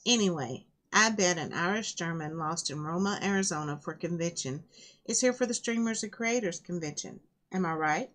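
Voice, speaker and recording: A woman's voice: lowish voice, lively intonation, normal speed, a bit bright. A woman with a scratchy throat reading the lines of a friendly, enthusiastic young male gamer. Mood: chatty.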